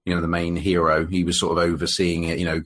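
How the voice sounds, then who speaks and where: A man's voice: sits low, level tone, fast talker, fairly bright tone. A man co-hosting a podcast, chatting casually about an old monster film in a rambling way, with lots of fillers and restarts. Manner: rambling, full of fillers and restarts, laughs often. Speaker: podcast co-host. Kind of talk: casual film review chat.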